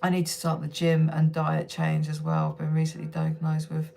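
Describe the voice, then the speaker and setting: A young British woman hosts a casual livestream from home on her phone, chatting with viewers, laughing often and swearing freely. Her voice is low, gravelly and warm, with a completely flat delivery at a normal speed.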